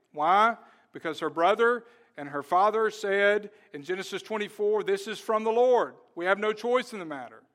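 A male pastor delivers a sermon in church, his voice sitting a little high for a man. He talks earnestly and directly to the congregation, throws questions out to them, and stretches key words slowly for weight. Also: fairly bright tone.

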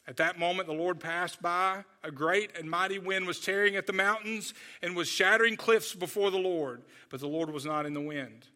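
Earnest bright-voiced male preacher. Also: a little high, moderate pace. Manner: earnest, conversational, asks rhetorical "right?" and "okay?". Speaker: pastor. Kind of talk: sermon.

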